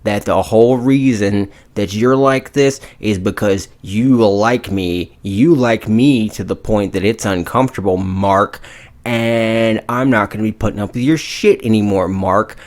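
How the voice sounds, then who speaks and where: A man voicing a cold, vengeful young woman who talks with mocking menace, mostly in his own low voice. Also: a little slow, darkish tone, lightly acted. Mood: menacing. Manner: mocking, menacing, sometimes whispered.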